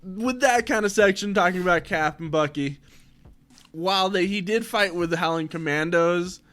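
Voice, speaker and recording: A man's voice: sits high, moderate pace, fairly bright tone. A man co-hosting a casual podcast, making wry, laughing asides. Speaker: podcast co-host. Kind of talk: casual chat.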